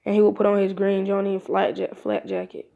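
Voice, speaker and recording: Gravelly woman retelling a fan story. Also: medium pitch, sing-song, fairly quick, narrow, tinny audio. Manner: rambling, with many restarts and self-corrections.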